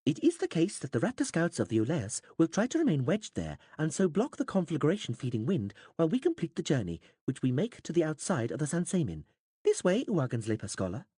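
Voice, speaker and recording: A man's voice: fairly high pitch, huge pitch swings, a little fast, warm tone, slightly rough, no room sound, studio quality, pitched above the performer's own voice, exaggerated voice. A male narrator voicing a winged female alien interpreter who speaks in stilted, formal, matter-of-fact phrases, in an audiobook reading. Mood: formal calm.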